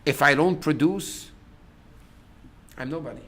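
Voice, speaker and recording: A middle-aged rabbi lectures a class with a fairly high, bright and forceful voice. He tells stories with lively, theatrical energy, acting out the people in them and jumping to sudden loud bursts. A faint hiss sits under his talk. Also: measured pace. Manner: animated storyteller, acts out quotes, sudden loud bursts.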